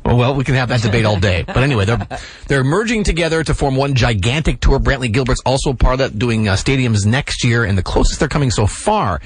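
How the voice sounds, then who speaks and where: A man hosting a morning radio show, jokey and quick in his patter. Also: mid-range voice, lively intonation, breathy edge, no echo. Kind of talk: upbeat radio banter.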